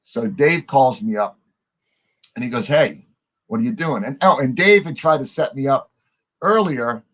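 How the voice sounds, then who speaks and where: A man's voice: medium pitch, moderate pace. Man telling stories, acting out every voice. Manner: animated storyteller acting out quoted voices. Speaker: podcast guest. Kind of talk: conversational storytelling.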